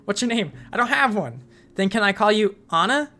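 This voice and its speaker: A woman's voice: mid-range voice, animated, brisk, sharp tone, pitched above the performer's own voice. A woman voicing a nervous young man reborn as a small raptor in a read-aloud fanfic. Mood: eager.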